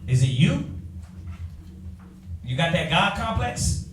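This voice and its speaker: High-voiced preacher in an echoey room. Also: male voice, sing-song, slow pace, recorded from a distance, slight background noise. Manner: fires rhetorical questions, calls on readers. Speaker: Bible class teacher. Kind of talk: preaching Bible class.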